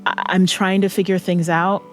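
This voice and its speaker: A woman's voice: lowish voice, level tone, moderate pace, soft background music. A woman player in a tabletop role-playing game, speaking earnestly in and out of character.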